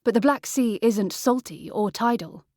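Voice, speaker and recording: A woman reading an audiobook voices a tall, steady young man who speaks calmly and matter-of-factly. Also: fairly high pitch, normal speed, no room sound, studio quality, close to an everyday voice.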